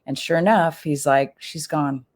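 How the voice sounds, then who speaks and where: A woman's voice: low voice, measured pace. A middle-aged woman, a podcast guest, telling a personal story in casual chat, full of fillers and acted-out quotes. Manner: animated, many fillers and quoted asides.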